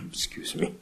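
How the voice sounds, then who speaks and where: A man preaching a morning sermon, stressing words with sudden loud and soft swings and asking his listeners questions. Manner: emphatic, rising and falling in loudness for stress; asks the congregation rhetorical questions.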